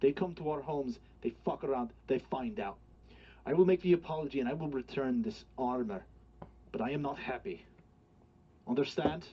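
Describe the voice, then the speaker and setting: A man's voice: medium pitch, moderate pace, husky, natural voice. A man voicing an angry, proud dwarf king who talks bluntly and swears, over a dull lo-fi mic.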